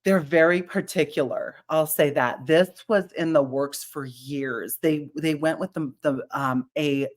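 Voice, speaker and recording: This is a woman in a casual chat, talking about skincare with enthusiasm. Her voice sits a little low for a woman. She laughs often and restarts her sentences, full of fillers. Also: measured pace, few pauses. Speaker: brand representative.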